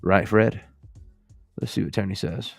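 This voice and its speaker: A man's voice: on the low side, a little slow, gravelly, husky, dry recording, faint music behind. A male podcast host in a casual, playful demo chat, joking and talking to the viewers as folks.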